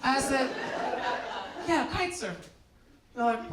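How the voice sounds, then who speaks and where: A man from Turkey doing a stand-up comedy set, telling stories in a deadpan way and acting out the other people in them. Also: high-pitched, moderate pace. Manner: deadpan storytelling, acts out voices in quotes. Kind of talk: stand-up set with crowd work. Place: comedy club stage. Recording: roomy live club sound, mic distant, crowd noise. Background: audience laughter.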